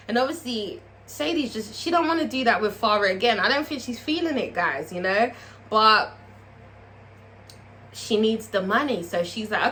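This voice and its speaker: Bright-voiced, animated woman recapping a show. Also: fairly high pitch, normal speed, a little hiss or hum. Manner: profane, animated, talks straight to viewers. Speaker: TV review vlogger. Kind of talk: casual TV episode recap.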